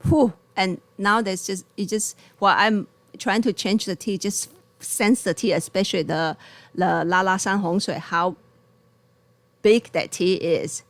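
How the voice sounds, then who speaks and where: Gravelly-voiced woman chatting about tea. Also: mid-range voice, steady tone, unhurried, no echo. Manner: laughs often, loose non-native grammar. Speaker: tea shop co-host. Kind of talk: casual live-stream chat.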